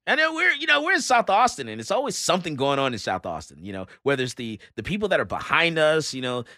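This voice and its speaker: A male talk radio host, lecturing and joking in an animated, emphatic way. His voice jumps around wildly in pitch and stays bright and forceful. The studio sound is dry and close. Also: fast, no room sound. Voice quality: animated, emphatic, laughs often. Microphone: studio microphone.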